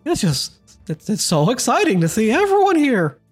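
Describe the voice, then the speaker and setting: A sunny, gushing male jester who never stops smiling, his voice pitched well above the speaker's own and bouncing all over the place, as a game master puts him on. He stays oblivious and upbeat no matter what happens, in a tabletop game. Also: huge pitch swings, normal speed, slightly rough, faint music behind. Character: relentlessly cheerful male jester troupe member.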